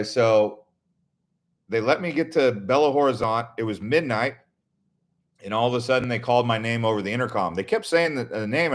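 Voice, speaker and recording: A man from the United States hosting a casual live stream, answering viewer questions and telling rambling travel stories with frequent restarts. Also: fairly low pitch. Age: adult, Navy veteran.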